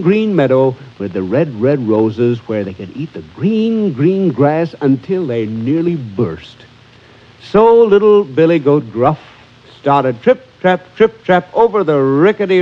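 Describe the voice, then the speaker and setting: A man telling a children's story in a slow, rhythmic, sing-song way. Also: fairly high pitch. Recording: dull lo-fi recording with faint music.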